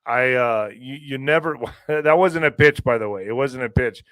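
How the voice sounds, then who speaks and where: A man's voice: mid-range voice, normal speed, fairly bright tone, smooth, no echo. Casual middle-aged male host, dry sound. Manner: rambling, conversational, addresses audience as folks. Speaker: podcast host. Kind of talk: casual monologue.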